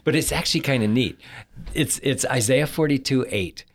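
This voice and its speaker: A man's voice: mid-range voice, normal speed. A man, a scholar on a podcast, explaining casually with chuckles and frequent restarts. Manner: chuckling, self-interrupting with restarts. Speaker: Old Testament scholar.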